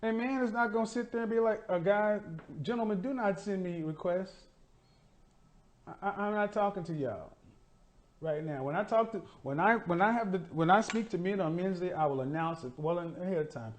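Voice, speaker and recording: His voice sits high and moves a little fast. On a live stream recorded through a phone, the man gives a casual monologue in which he mockingly lectures and provokes his viewers.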